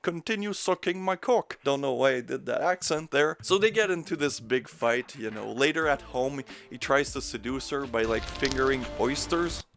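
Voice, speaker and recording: A man's voice: mid-range voice, moderate pace, gravelly, few pauses, a bit bright, faint music behind. A man giving a casual, crude, sarcastic film review while mildly tipsy, swearing often. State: mildly intoxicated.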